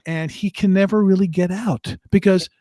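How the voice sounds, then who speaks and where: A man's voice: high-pitched, steady tone, normal speed, dark tone, dry recording, clean studio sound. A man co-hosting a casual film review, retelling the plot in a rambling way with restarts.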